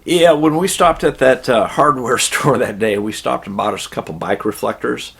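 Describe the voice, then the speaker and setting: A man's voice: mid-range voice, moderate pace, vocal fry, a bit bright, breathy edge. A man telling a long prank story in a folksy, rambling way. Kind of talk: casual spoken storytelling.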